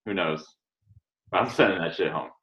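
A man's voice: sits low, moderate pace, a bit bright. A man co-hosting a podcast in casual chat, swearing freely and laughing through his sentences. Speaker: podcast co-host. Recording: dull lo-fi mic.

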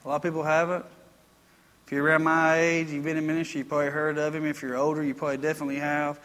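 Male pastor, folksy sermon storyteller, bright tone, long hall echo. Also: on the high side, level tone, very fast. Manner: folksy storytelling preacher, rising to emphatic preaching. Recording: long reverb of a church hall.

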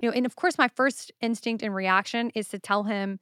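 Woman podcast host, solo show, candid and casual, smooth voice in a dry booth. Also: fairly high pitch, steady tone, moderate pace, few pauses, pushed and bright, dry recording. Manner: candid, casual, swears freely.

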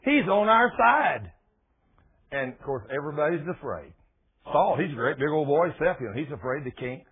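A man preaching a sermon in a folksy, animated storytelling manner. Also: a little high, a little fast. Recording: tinny phone-like radio broadcast.

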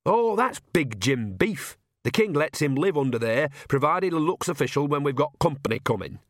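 A man's voice: fairly high pitch, big pitch swings, moderate pace, no echo, pitched above the performer's own voice. A nosy, cheerful old witch woman, gossiping and coaxing in a folksy storybook voice, as a male reader puts her on. Her voice sits well above the reader's own, in a dry, close recording.

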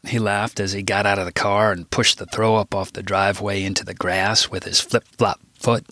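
A man reading his own book aloud in a wry, deadpan narration. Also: lowish voice, normal speed, hardly any pauses, no room sound, studio quality. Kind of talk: audiobook narration.

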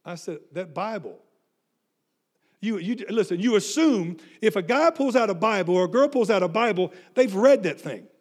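A middle-aged man, a pastor telling a lively story in a sermon and acting out the dialogue. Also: high voice. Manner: animated, self-mocking storytelling with quoted dialogue.

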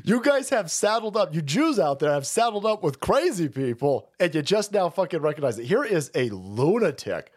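A man's voice: a little high, very animated, moderate pace, hardly any pauses, a little mellow. A man ranting on a political livestream, profane and mocking, often breaking into laughter. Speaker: political commentary streamer. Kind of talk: livestream rant.

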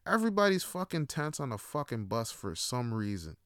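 A man's voice: medium pitch, very animated, a little fast, fairly bright tone, no echo, clean studio sound. A man hosting a podcast, telling a long profane story in a rambling, casual monologue with lots of fillers. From Toronto. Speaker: podcast host.

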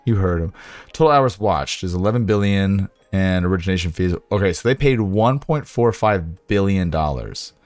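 Young male streamer, low voice, crude banter, faint background music. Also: animated, normal speed, hardly any pauses, dry recording. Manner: joking, crude, working through math aloud. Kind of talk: casual live-stream chat.

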